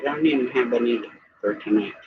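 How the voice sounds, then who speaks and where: A man's voice: medium pitch, a little fast, husky, phone-quality sound. A man hosting a livestream in casual chat, talking through his plans at length. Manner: chatty, explains plans at length. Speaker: livestream host.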